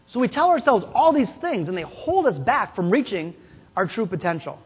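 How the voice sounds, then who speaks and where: A man's voice: high-pitched, sing-song, normal speed, husky. A man giving a conference keynote, telling stories with quoted voices and questions to the audience. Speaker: keynote speaker. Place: large conference hall. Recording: dull, hall-echoed conference recording.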